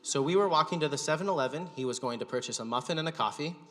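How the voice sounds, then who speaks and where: A man hosting a live stand-up show, telling a story in a wry, deadpan way. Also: on the high side, very fast. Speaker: stand-up comedian and show host. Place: gallery venue with live audience. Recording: echoey gallery hall, long reverb.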